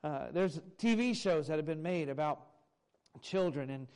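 High-voiced conversational male pastor. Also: lively intonation, normal speed, a little mellow, clean tone. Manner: conversational, folksy storytelling with fillers. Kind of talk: sermon. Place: church sanctuary.

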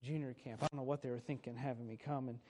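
A man in his thirties preaching a sermon in a conversational way, with dramatic pauses and frequent self-corrections. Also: mid-range voice, steady tone, darkish tone. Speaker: pastor.

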